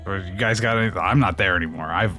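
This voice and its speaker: A man with a lowish voice chats casually as a player in a tabletop game. He keeps things dry and jokey while he talks through his character's moves. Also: fast, pushed and bright, faint music behind.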